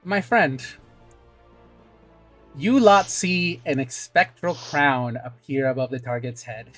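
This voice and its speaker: A game master running a tabletop game, giving short rulings and describing scenes deliberately. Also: mid-range voice, a bit bright, faint music behind.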